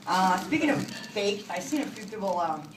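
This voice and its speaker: A woman in her forties from Canada doing a stand-up comedy set in a club, delivering self-mocking punchlines in a deadpan way. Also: medium pitch, normal speed, noisy background. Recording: echoey club from far off.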